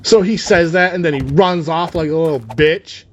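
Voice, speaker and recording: A man reads a story aloud over gameplay, interrupting it with profane, sarcastic asides. His voice is fairly high and moves at a moderate pace, and the lo-fi recording carries a little hiss or hum.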